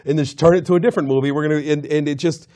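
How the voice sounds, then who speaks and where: A man's voice: fairly high pitch, rapid-fire. A man co-hosting a film review show, chatting casually and acting out scenes in mock voices. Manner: animated, acts out lines in mock voices.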